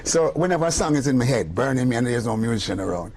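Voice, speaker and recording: An older man with a Jamaican accent talks quickly at a medium pitch, a music producer spinning stories in a casual interview. He animates the tales by dropping into patois and playing out the people he quotes.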